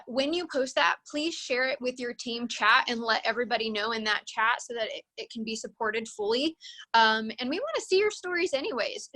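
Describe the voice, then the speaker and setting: Peppy woman hyping up her team on a call, kinda high voice, super encouraging. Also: sharp tone. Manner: upbeat, encouraging, gushing praise. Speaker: team leader hosting a group call. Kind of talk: motivational group call.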